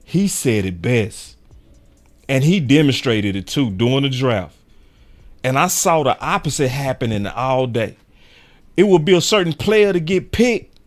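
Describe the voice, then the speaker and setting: A young man hosting a sports show in casual, animated chat, full of slang and quick laughs. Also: medium pitch. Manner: animated, slangy, laughs often, quotes fans in raised voice.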